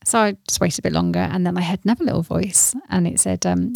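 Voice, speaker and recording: A woman co-hosting a casual podcast, telling a joke with playful teasing and plenty of laughter. Her voice has a gravelly, creaky edge. It is recorded dry and close, with no room sound. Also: fairly low pitch, steady tone, fast talker, darkish tone, no room sound. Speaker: podcast co-host.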